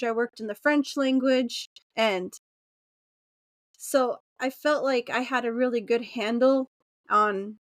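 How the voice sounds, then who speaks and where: A woman's voice: a little high, no room sound, clean studio sound. A woman from Utah in her thirties, a podcast guest chatting casually and laughing often, sometimes acting out quoted voices. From Utah, USA. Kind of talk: casual interview conversation.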